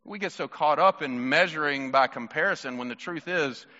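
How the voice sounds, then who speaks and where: Bright, high-voiced playful preacher. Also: male voice, normal speed, long reverb tail, muffled recording. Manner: animated, playful, talks to the crowd. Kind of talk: sermon.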